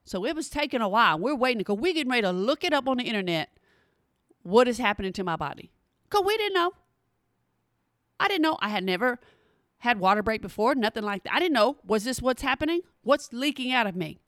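A woman, telling a personal story in an animated, emphatic way and speaking straight to her listeners. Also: on the high side, quick pace, no echo, studio quality.

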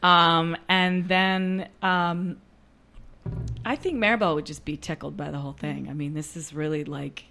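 Chatty woman storyteller, lowish voice. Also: measured pace, gravelly, a little hiss or hum. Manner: chatty, animated when acting out quotes. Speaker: storyteller and performer. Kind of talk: casual conversation.

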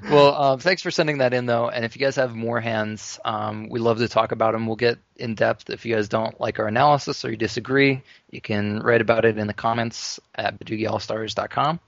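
A man's voice: medium pitch, brisk, gravelly, few pauses, no echo, highs cut off. A man co-hosting a casual poker podcast, laughing often and retelling hands. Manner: laughs often, lively delivery. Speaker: podcast co-host.

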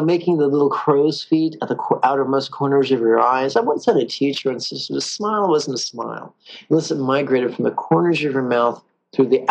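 Husky man teaching meditation, laid back and playful, stretches out his words. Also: mid-range voice, highs cut off. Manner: calm and playful, drawn-out pauses. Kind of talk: guided meditation lesson.

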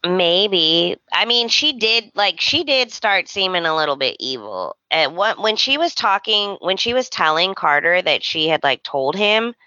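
Slow-talking bright woman on a podcast. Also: lowish voice, big pitch swings, no echo, muffled recording. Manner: slow, drawn-out, heavy use of "like". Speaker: podcast co-host. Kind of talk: casual soap opera recap chat.

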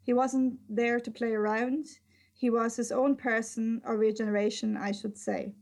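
A woman's voice: fairly high pitch, steady tone, moderate pace, a little mellow. A woman co-hosting a casual podcast chat, reading a listener's email aloud with joking asides. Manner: laughs often, reads with asides. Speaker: podcast co-host.

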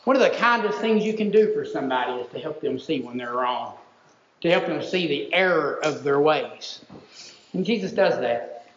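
A man's voice: fairly high pitch, expressive, normal speed, fairly bright tone, slight background noise. A male pastor preaching a sermon, emphatic and stacking repeated words for stress. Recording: roomy echo, dull lo-fi sound.

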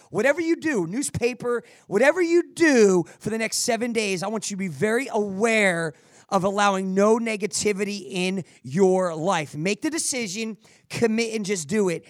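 A man with a fairly high voice delivers motivational advice as a podcast host, energetic and preachy. He often stumbles back over his words as he pushes his point, and the recording is dry and close. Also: no echo. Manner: energetic, preachy, repeats words while restarting. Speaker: podcast host answering listener questions.

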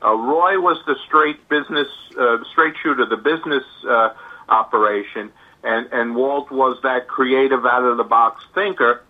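Man on a tinny phone line. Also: medium pitch. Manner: halting, many fillers and restarts. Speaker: author guest. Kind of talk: interview storytelling.

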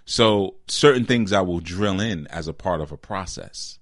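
Deep-voiced man giving a spiritual teaching. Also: unhurried, fairly bright tone, no room sound, studio quality. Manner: conversational, frequent "you see?" check-ins. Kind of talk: informal spiritual teaching talk.

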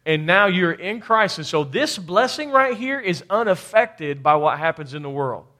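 High-voiced preaching man. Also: animated, normal speed, bright, forceful tone. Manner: call-and-response preaching, rising to emphatic bursts; repeats words while building a point. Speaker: pastor. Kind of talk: sermon.

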